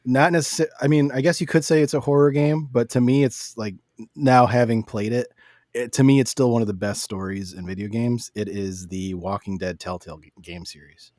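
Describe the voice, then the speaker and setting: A man co-hosting a podcast in a casual chat, expressive and quick to slip into other voices when he quotes people. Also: mid-range voice, no echo. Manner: expressive, swings between voices when quoting. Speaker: podcast co-host.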